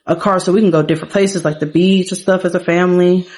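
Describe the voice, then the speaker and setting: A woman's voice: lowish voice, fairly even intonation, fast talker, darkish tone, lightly acted. A woman voicing a cheerful, headstrong young adult daughter in a life-sim game, talking with sassy, casual slang.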